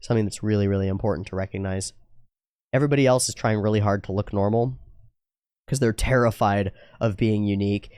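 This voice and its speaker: A man's voice: on the low side, a little mellow, no echo, clean studio sound. A young man hosting an anime reaction channel, chatting casually and reading viewer comments aloud, swearing freely and slipping into mocking voices.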